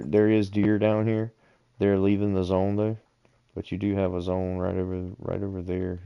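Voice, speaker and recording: Deep, flat-voiced man streaming a game. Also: creaky, no echo. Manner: unhurried, explains directions to other players. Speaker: gaming streamer. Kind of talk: casual gameplay chat.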